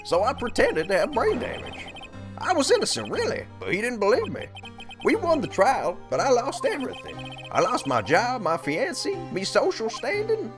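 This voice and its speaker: A man's voice: very high voice, voice pushed up, full character voice. A man voicing a bitter middle-aged ex-bailiff confessing a revenge killing, reading game dialogue aloud in a strained, quavering tone. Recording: faint game music behind.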